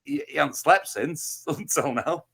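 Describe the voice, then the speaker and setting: A man's voice: on the high side, animated, a little slow, creaky, fairly bright tone, breathy edge. A man calling into a live stream, dry and blunt, teasing the others. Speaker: stream guest. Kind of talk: casual banter on a live stream call.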